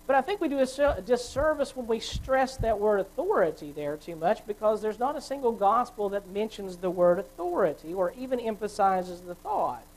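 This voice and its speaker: A woman preacher giving a sermon, explaining at a measured pace and correcting herself as she goes. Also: mid-range voice, sing-song, darkish tone, poor audio.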